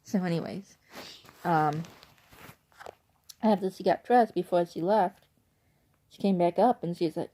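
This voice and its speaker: A woman's voice: lowish voice, a little slow, long pauses, dark tone. Chatty young woman, rambling story. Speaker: vlogger. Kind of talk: casual storytelling to camera. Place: at home in her bedroom, at night.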